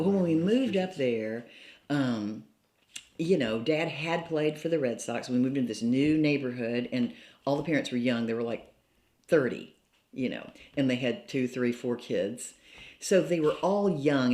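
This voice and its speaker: In a cottage with a roomy echo, an older woman from Mobile, Alabama, is interviewed and reminisces casually, chatting and laughing often between phrases. Her voice is extremely low and a little mellow.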